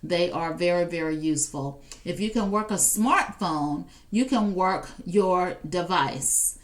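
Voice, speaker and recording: A woman's voice: on the low side, expressive, a little slow. Chatty woman hosting a live shopping stream. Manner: chatty, addresses viewers directly, reads out chat comments. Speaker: live shopping show host. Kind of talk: casual live-stream product demo.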